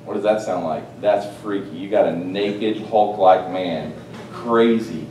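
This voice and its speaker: A man preaching a sermon, swinging between loud, excited exclamations and hushed, quiet asides. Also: measured pace. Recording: roomy, distant mic with faint rumble.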